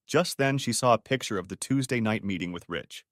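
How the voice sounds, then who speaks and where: A man's voice: lowish voice, fairly quick, hardly any pauses, no room sound, studio quality. A man narrating a dramatic story as an audiobook reader. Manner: expressive storytelling.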